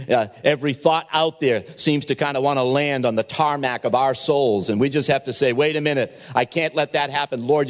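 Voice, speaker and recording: A man preaching a sermon at an evening chapel service, acting out the people in his stories with lively changes of voice. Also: mid-range voice. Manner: expressive preaching, acts out dialogue. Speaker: pastor.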